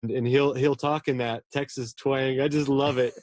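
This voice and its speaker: A man's voice: medium pitch, steady tone, normal speed, darkish tone, dry recording. A man, a horror novelist, talking earnestly and at length in a casual interview, often restarting his words.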